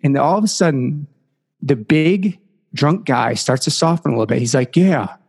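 A man's voice: mid-range voice, animated, moderate pace, creaky, breathy edge, in a large hall. A man, a podcast guest, telling a story casually and animatedly, with lots of "like" and "you know.".

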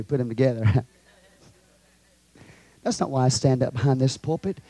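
A pastor with a high, ringing voice preaches a fiery sermon from his pulpit. He drops to hushed asides and then bursts into shouts. The sound is dry and close. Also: lively intonation, brisk, pauses often, no echo. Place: church sanctuary.

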